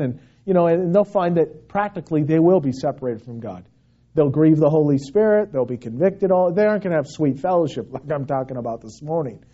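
Guy preaching a sermon, warm low-key tone, goes from loud to almost hushed, kinda dull lo-fi sound. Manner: emphatic preaching that swings between raised and hushed delivery. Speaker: pastor. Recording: dull lo-fi recording.

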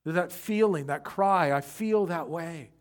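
A man preaching a sermon who speaks straight to his congregation with questions and rises from quiet reflection to loud emphasis. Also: a little high, measured pace. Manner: addresses the congregation directly with questions. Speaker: pastor.

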